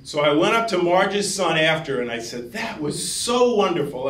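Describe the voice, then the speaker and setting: A man's voice: a little high, very animated, normal speed, fairly bright tone. A middle-aged man with a New York accent tells a true story at a live storytelling night, earnest and acting out the people he quotes. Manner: earnest, acts out quoted voices. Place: live event hall. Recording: echoey hall, mic at a distance.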